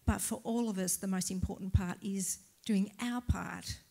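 A woman's voice: mid-range voice, steady tone, normal speed, creaky, warm tone. A middle-aged Australian woman pastor telling a testimony story live in church, acting out the dialogue and laughing often.

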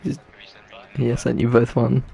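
A man's voice: medium pitch, level tone, unhurried, gravelly, warm tone, poor audio. A man in online gaming voice chat, teasing and bantering with his friends. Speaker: gamer in voice chat.

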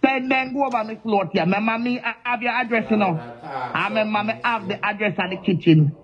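A woman's voice: medium pitch, a little fast, highs cut off, slight background noise. A Jamaican woman in an angry rant on a live stream, confrontational and taunting, repeating a name again and again. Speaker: social media personality.

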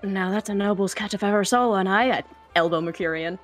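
A woman's voice: medium pitch, fairly quick, soft background music. A woman playing a tabletop game, laughing often and breaking into goofy in-character lines. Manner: giggly, animated, goofy in-character asides. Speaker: player.

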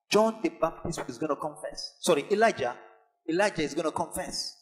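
A pastor preaching a sermon, building to emphatic, repeated lines. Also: male voice, on the high side, very animated, fairly quick, low-quality recording. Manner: preaches with rising intensity and emphatic repetition.

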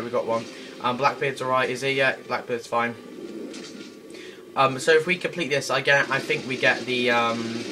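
A man doing chatty, excitable let's play commentary, laughing and shouting at enemies as he plays. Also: medium pitch, background noise. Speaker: gameplay commentator. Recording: game music loud behind voice.

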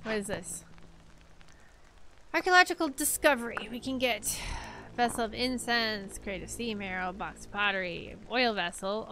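Bright-voiced excitable woman streamer. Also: mid-range voice. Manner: excitable, swears freely, yells outbursts at the game. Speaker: live streamer. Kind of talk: casual gaming commentary.

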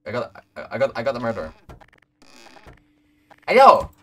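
A young man chatting while playing an online game, loud, laughing and swearing, quick to get excited. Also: medium pitch. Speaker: gamer. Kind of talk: casual gaming chat.

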